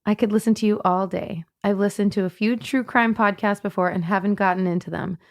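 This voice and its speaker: A woman's voice: mid-range voice, steady tone, a little fast. A woman guest on a podcast, playfully reading out a listener's letter in a casual, amused way.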